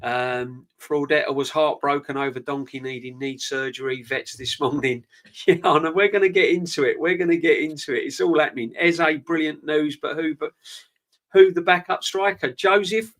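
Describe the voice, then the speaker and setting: A man hosting a casual live-stream football chat, talking fast and eager, out of breath. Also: a little high. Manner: energetic, quick, calls guest brother. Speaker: podcast host.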